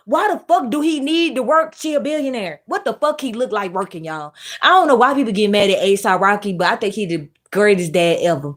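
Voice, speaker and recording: A woman vlogger talks in a lilt. She rants bluntly and profanely. She keeps an animated, opinionated flow and snaps at her chat. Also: medium pitch, brisk. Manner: reads live chat and scolds viewers. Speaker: commentary vlogger. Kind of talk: casual opinionated commentary.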